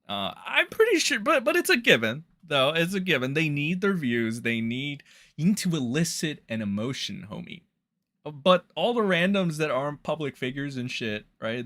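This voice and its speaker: A young man hosting a livestream, talking in a rambling, crude, animated way with many fillers. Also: mid-range voice. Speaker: streamer host. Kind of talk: casual profane livestream commentary.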